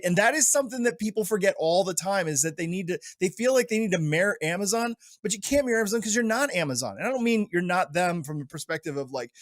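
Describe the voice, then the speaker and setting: Emphatic man, high and dry. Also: no room sound. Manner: emphatic and animated, peppered with "right?" and "like". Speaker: retail industry analyst. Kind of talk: panel discussion.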